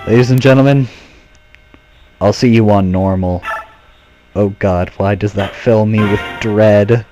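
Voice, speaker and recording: A man giving relaxed, joking commentary on a video game he is playing, with game music behind. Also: lowish voice, measured pace, rough recording. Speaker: let's play commentator.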